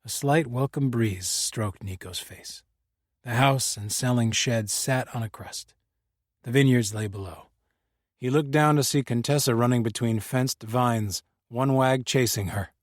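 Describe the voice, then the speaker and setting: A man narrating a mystery audiobook in a measured, even manner. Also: mid-range voice, no room sound, studio quality. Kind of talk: scripted narration.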